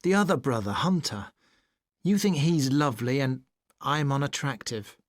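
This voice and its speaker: A woman's voice: very deep voice, animated, normal speed, no room sound, clean studio sound. A woman acting a jealous, insecure young man in a textbook dialogue, gloomy and accusing. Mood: sulky.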